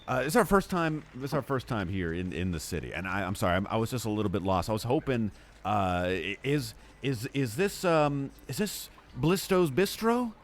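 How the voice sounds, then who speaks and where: A man's voice: mid-range voice, expressive, moderate pace, a little hiss or hum, lightly acted. A man playing a stammering, flustered adventurer. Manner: stammering, apologetic. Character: flustered bumbling male adventurer.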